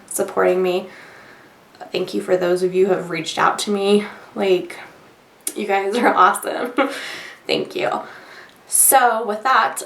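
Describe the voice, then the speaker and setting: A woman's voice: medium pitch, gravelly. A woman vlogger chatting casually to camera at her desk, rambling and giggling at herself. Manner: rambling, giggly, self-deprecating. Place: sitting at a desk at home under lights. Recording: roomy, distant sound.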